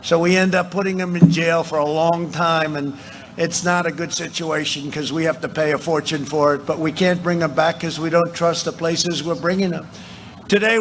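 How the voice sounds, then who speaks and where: A man addressing a rally, talking in repetitive, rambling runs with side remarks and sudden shouted lines into a podium microphone. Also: sits high, a little hiss or hum. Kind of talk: rally speech. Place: large rally venue.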